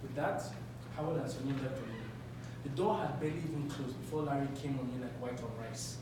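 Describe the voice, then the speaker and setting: A man narrating his own story on a theatre stage in a wry, measured manner. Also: mid-range voice, background noise. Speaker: solo performer narrating. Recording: echoey theatre from far off.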